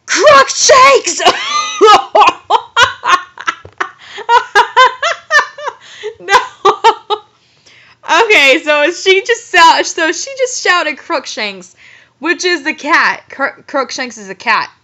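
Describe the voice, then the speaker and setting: A woman reading a story aloud for comedy, with exasperated, halting asides. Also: high-pitched, animated, bright, forceful tone. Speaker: reader and commentator. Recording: dull lo-fi recording.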